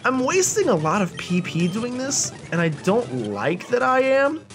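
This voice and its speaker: A man's voice: very high voice, wildly swooping pitch, measured pace, over music. A man hosting a let's play, giving casual gameplay commentary in a chatty, jokey, rambling way.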